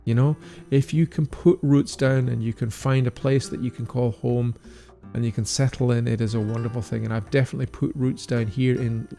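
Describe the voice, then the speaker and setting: An older Scottish man talks with a gravelly edge, steady at a middle pitch. He hosts a casual livestream, offering friendly encouragement and reading viewer comments. Faint music plays underneath. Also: a little fast. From Scotland. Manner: chatty, encouraging, reads viewer comments aloud. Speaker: stained glass artist hosting a livestream.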